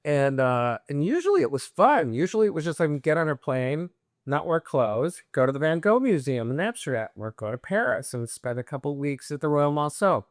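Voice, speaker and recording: A man's voice: fairly high pitch, normal speed, dry recording, studio quality. A young man telling a long anecdote in casual chat, quoting people in voices. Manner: animated anecdote-teller, quoting others in voices. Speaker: guest.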